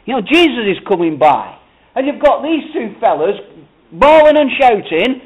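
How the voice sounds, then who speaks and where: A man's voice: extremely high pitch, sing-song, moderate pace. A man preaching a sermon with emphatic, rising and falling cadence. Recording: phone-like narrow band.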